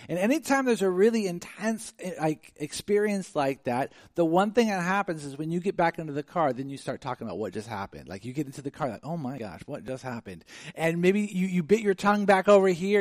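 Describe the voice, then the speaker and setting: Pastor, male, slightly high voice, casual storytelling sermon delivery, dry close sound. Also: dry recording. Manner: conversational, animated storytelling with many fillers.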